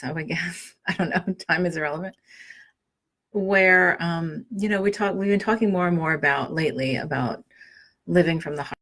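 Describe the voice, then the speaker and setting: A middle-aged woman hosting a spiritual podcast, talking in a loose, rambling way with many fillers and restarts. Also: fairly low pitch. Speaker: podcast host and spiritual guide. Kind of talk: casual spoken monologue.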